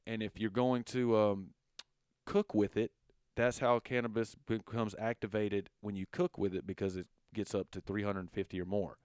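A man with a Southern accent giving a casual lesson, relaxed and full of fillers, stumbling over long chemical names. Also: lowish voice, moderate pace, clear, resonant tone, no room sound, clean studio sound. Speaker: educator.

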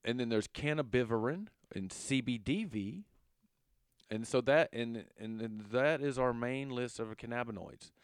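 A man with a Southern accent giving a casual lesson, relaxed and full of fillers, stumbling over long chemical names. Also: mid-range voice, measured pace, clean tone, no room sound, clean studio sound. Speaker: educator.

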